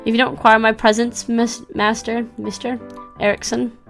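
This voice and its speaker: A woman's voice: fairly high pitch, flat delivery, moderate pace, a bit bright, faint music behind. A woman voicing a polite, formal male robot butler while reading a visual novel aloud, with stiff diction. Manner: stiff formal diction, stumbles over words when reading.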